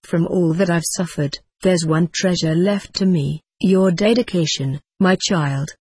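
A woman voicing an ailing, devout widowed mother who speaks slowly and tenderly, read as part of an audiobook. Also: lowish voice, a little mellow, breathy edge, no room sound. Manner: slow, tender, pleading. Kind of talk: audiobook character reading.

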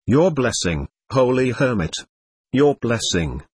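A man voicing a loud, boisterous male trader who bellows and booms in a storybook reading. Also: very animated, takes it slowly, husky, no room sound, heavily acted. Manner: bellowing, booming.

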